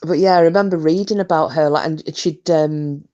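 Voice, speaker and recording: A woman with a notably low voice talks loosely to her live chat. She rambles from one thought to the next, doubling back on her words. It sounds like a relaxed home stream on a computer mic. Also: moderate pace, lo-fi sound. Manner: chatty, rambling, many restarts and fillers. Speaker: livestream host. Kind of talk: casual chat with live viewers.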